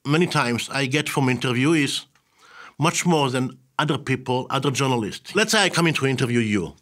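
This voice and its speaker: A man from Israel, a journalist and writer telling stories in an animated, theatrical way, repeating words as he goes. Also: medium pitch, fairly quick. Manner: theatrical, acts out quoted voices, repeats himself. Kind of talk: animated storytelling talk.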